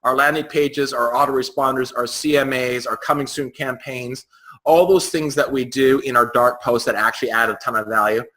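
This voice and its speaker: A man's voice: mid-range voice, steady tone, normal speed, bright, forceful tone, rough recording. A man talking frankly as a guest in a casual interview, often stumbling and repeating words as he goes. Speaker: real estate agent, guest.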